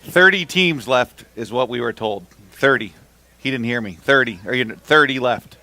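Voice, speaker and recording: A man's voice: medium pitch, moderate pace, pushed and bright. A man emceeing a fishing tournament weigh-in, reading out weights and teasing the anglers in a joking, upbeat way. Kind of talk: live announcing and bantering with anglers.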